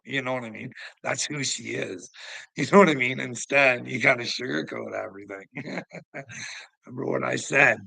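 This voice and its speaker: A man's voice: mid-range voice, moderate pace, gravelly, sharp tone, no room sound, poor audio. A middle-aged man hosting a livestream, rambling in casual chat, laughing often and swearing as he talks to viewers. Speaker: livestream host.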